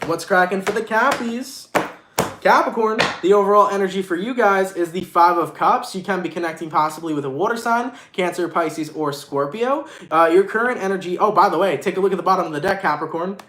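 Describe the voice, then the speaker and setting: Slangy, high-voiced man reading tarot live. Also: brisk, a bit bright, roomy sound, slight background noise. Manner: casual slangy banter, swears, acts out mocking voices. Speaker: tarot reader.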